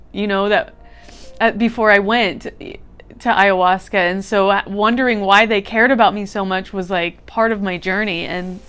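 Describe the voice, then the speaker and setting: Candid woman telling her story, smooth voice. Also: medium pitch, a bit bright. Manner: candid, swears casually, fills with "like". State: close to tears at times. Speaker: guest sharing a personal story. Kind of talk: emotional personal testimony.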